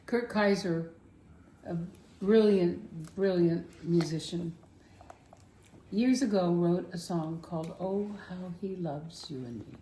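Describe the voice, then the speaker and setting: Slow, tender woman in a roomy echo. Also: lowish voice, mellow. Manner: slow, tender, drops to a near whisper. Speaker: Christian TV co-host. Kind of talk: storytelling and singing on a talk show. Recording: roomy echo with faint background hum.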